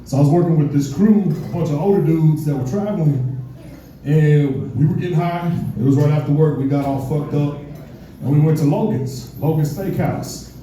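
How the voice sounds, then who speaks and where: Profane stand-up comic in an echoey room. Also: male voice, a little high, normal speed, warm tone, recorded from a distance, slight background noise. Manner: profane storytelling with put-on voices. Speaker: stand-up comedian. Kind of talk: stand-up set at an open mic. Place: bar or club open mic stage.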